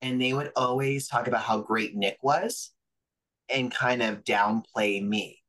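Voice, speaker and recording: Male wrestler guest, chatty storyteller, bright edge to the voice, average pitch. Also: a little slow, poor audio. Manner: chatty, lots of fillers and quoted dialogue. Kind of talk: casual storytelling interview.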